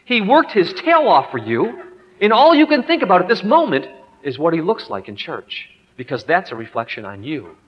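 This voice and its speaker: A man voicing the Holy Spirit, who speaks calmly and rebukes gently. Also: high voice, moderate pace, slightly rough, full character voice. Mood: gently rebuking. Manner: calm, searching, gently rebuking. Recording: dull lo-fi hall recording.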